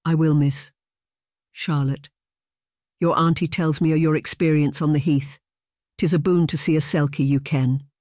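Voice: medium pitch, steady tone, normal speed, long pauses, darkish tone, no room sound, clean studio sound, natural voice. A narrator doing a young Scottish maid with a broad brogue. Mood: earnest. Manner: broad old-fashioned brogue. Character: young Scottish maid girl, shy and earnest.

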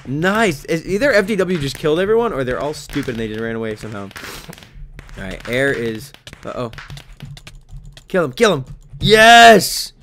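A young man giving excitable live commentary over his own gameplay, cheering and yelping at what happens on screen. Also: medium pitch, fairly quick, long pauses, slight background noise. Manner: excitable, yelps and laughs at game events. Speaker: gaming channel host.

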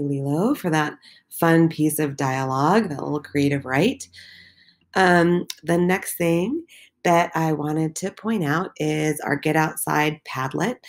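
A woman teacher walking her middle school class through the day's posts, encouraging, with many filler ums. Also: low-pitched. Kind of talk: recorded class walkthrough.

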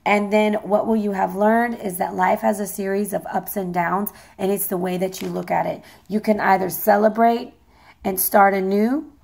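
A hoarse woman giving a chatty, playful tarot reading, swearing casually as she talks. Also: medium pitch, fairly even intonation, normal speed, darkish tone. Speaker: tarot reader.

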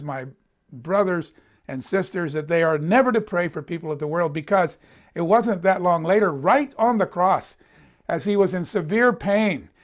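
A man delivers a Bible teaching in a conversational tone, his voice sitting a little high. He reads scripture passages aloud, then comments on them, lifting the quoted lines with extra emphasis. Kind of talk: conversational sermon. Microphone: presenting in front of a board.

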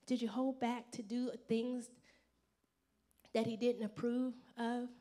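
Expressive woman pastor preaching. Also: a little high, slow. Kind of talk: sermon. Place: church service.

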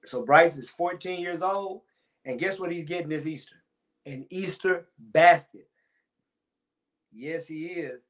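A man's voice: a little high, measured pace, long pauses. A man, chatting to viewers on a church livestream and telling a childhood story. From Timpson, Texas. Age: 40s. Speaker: pastor. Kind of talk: casual livestream talk to viewers.

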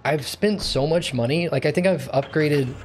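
A man's voice: on the high side, moderate pace, soft background music. A man streaming a video game live, chatting casually, reacting to the game and answering chat.

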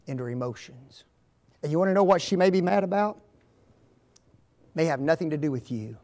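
A man's voice: fairly high pitch, expressive, brisk, pauses often, darkish tone. A man speaking as a guest at a marriage seminar, asking the audience to fill in the blanks. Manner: asks fill-in-the-blank questions.

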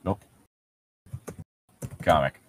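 A man's voice: extremely slow, fairly bright tone, dry recording. A man co-hosting a casual podcast, joking, laughing often and reading excerpts aloud. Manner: jokey, laughs a lot, reads excerpts aloud. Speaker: podcast co-host.

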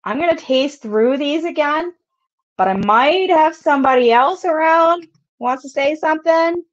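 A woman's voice: high voice, normal speed. Giggly rambling woman on a muffled stream. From United States. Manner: rambling, giggly, swears casually. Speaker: whiskey channel host. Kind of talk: casual livestream chat.

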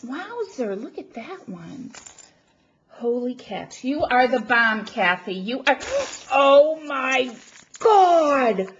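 A woman crafting vlogger, not feeling well, gushing and gasping with excitement as she opens a gift package at home and chats to the camera. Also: high voice, slow pace, dull audio, slight background noise. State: feeling unwell. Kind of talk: excited unboxing chat to camera.

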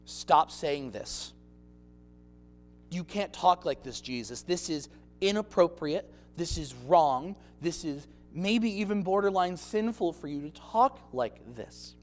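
A pastor acting out an insistent scolding disciple. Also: male voice, a little high, expressive, slow pace. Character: bold male disciple scolding his teacher.

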